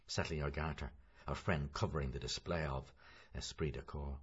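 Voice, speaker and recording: Deep husky male audiobook narrator. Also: steady tone, normal speed. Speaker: audiobook reader. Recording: dull lo-fi audiobook recording.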